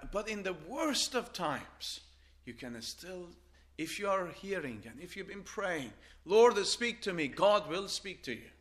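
An older man preaching a sermon, earnest and halting at times, rising into forceful appeals with repeated questions. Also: a little high. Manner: halting restarts and stammers.

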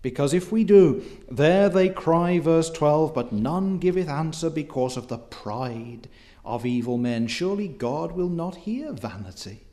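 The speaker is a man giving an expository sermon in measured, formal fashion; he reads scripture and builds in intensity when impassioned. His voice is on the high side, mellow, with lively intonation.

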